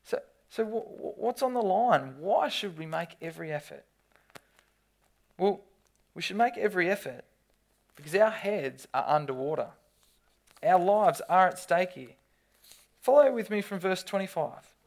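Preacher mid-sermon: reads scripture, then tells stories with lively, dramatic, loud energy. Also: medium pitch, measured pace, long pauses. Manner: reads scripture aloud between explanations.

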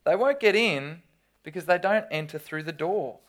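A preacher giving a sermon, reading scripture aloud and breaking into lively, dramatic storytelling with loud bursts. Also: mid-range voice, normal speed. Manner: reads scripture aloud between explanations.

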